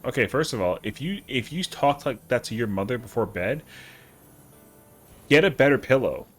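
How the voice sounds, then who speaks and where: A man's voice: mid-range voice, animated, normal speed, soft background music. A man streaming a game live, chatting casually with viewers in a rambling, slangy way. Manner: rambling, slangy, answers chat.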